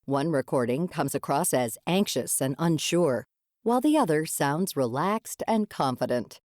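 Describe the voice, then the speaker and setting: A woman host giving scripted radio narration in a smooth, measured read. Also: low voice, lively intonation, darkish tone, no echo, studio quality.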